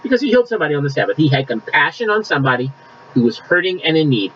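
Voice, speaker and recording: A male pastor preaching in a relaxed, chatty way, moving from scripture reading into asides. His voice sits a little high and swings widely in pitch. The sound is dull and lo-fi, with faint room ambience behind him. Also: very fast, slight background noise. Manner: conversational preaching with scripture reading, coughs at times. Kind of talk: sermon.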